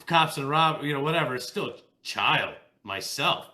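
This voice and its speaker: A man hosting a podcast, chatting in a relaxed, conversational way. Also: a little high, moderate pace. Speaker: podcast host. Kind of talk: casual podcast chat.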